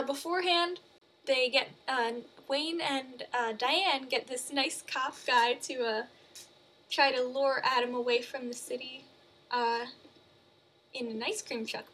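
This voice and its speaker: A woman casually recapping a movie in a chatty, animated way. She uses lots of fillers and corrects herself as she goes. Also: high-pitched, a little hiss or hum. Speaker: movie reviewer.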